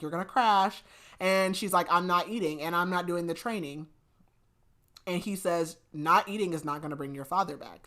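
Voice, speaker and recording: A woman's voice: lowish voice, a bit bright. A woman hosting a podcast, chattily recapping a novel with frequent laughs and fillers. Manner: chatty, giggly, lots of "like". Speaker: podcast host. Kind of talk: casual book recap.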